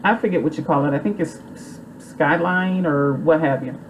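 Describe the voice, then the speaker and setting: A movie reviewer with a low voice recaps a film's plot in a loose, chatty, rambling way, packed with fillers. She talks at a moderate pace, and the rough recording carries a faint hiss beneath her.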